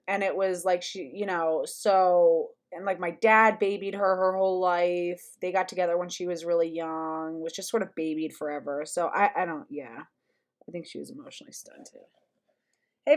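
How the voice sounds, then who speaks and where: A young woman talks through a reaction commentary in a loose, rambling way. She restarts her sentences often, clears her throat, and piles on fillers as she goes. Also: on the low side, steady tone, normal speed. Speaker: commentary channel host.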